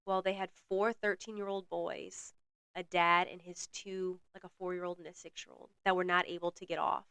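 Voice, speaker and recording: Bright, crisp-voiced woman podcast host. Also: on the low side, normal speed, dry recording. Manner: animated, storytelling, chatty. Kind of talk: casual chat.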